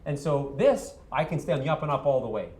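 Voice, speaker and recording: A man's voice: on the high side, lively intonation, fast talker, a little mellow, echoey room. A man coaching a room of real estate agents, punchy and quizzing them with "yes or no?".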